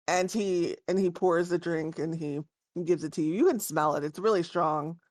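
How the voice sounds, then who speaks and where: Woman game master, low voice, dry close mic, relaxed and chatty with lots of fillers. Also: moderate pace, dry recording. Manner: casual, relaxed, many fillers. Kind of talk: narrating a tabletop game.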